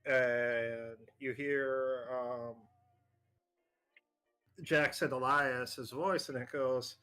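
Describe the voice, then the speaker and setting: A man acting as game master, narrating a tabletop horror game in a halting way with many fillers. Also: mid-range voice, sharp tone.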